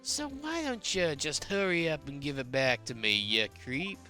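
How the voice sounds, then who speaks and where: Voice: mid-range voice, expressive, measured pace, soft background music. A New Zealand streamer voicing a brash young Southern woman photographer in a game, with a put-on Texan drawl. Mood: whiny. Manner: drawling, twangy and loud. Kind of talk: video game voice reading.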